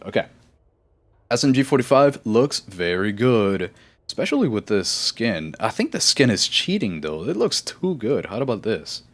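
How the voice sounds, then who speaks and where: A man streaming a game live, chatting casually in a rambling, self-correcting way and laughing easily. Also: low voice.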